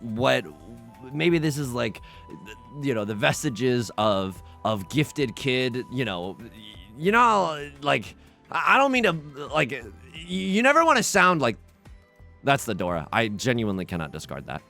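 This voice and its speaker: A man's voice: mid-range voice, very animated, unhurried, vocal fry, bright, forceful tone, soft background music. Young guy rambling over his game, lots of restarts, voice bounces up and down. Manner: rambling, self-interrupting, frequent restarts. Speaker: let's play host. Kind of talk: casual game commentary.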